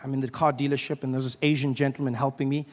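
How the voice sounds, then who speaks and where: A young man from South Africa with a South African accent, telling stories in a stand-up comedy set and bursting into loud acted shouts. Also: mid-range voice, level tone, racing, big-room sound. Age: 20s.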